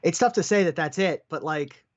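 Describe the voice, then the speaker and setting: A man calls a card game tournament with a slightly high-pitched voice, breaking down each play in detail. His audio comes through dull and lo-fi, like a streamed mic. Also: moderate pace. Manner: analytical play-by-play. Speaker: tournament commentator. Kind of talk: live game commentary.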